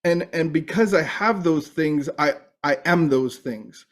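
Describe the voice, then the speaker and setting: Man sharing his recovery story, halting. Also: a little high. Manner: halting, with many restarts and fillers. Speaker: recovery speaker. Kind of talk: personal testimony.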